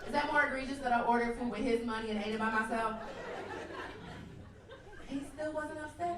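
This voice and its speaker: Brash high-voiced woman doing stand-up. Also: brisk, pauses often. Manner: brash, crude, laughing through lines. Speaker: stand-up comedian. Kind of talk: stand-up comedy set. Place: comedy club stage. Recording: echoey club from far off, crowd. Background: audience laughter.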